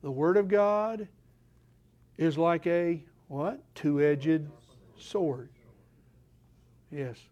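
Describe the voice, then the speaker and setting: An older man preaching a sermon, asking the congregation questions and swinging between loud declarations and quiet asides. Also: on the high side, extremely slow, long pauses, muffled recording.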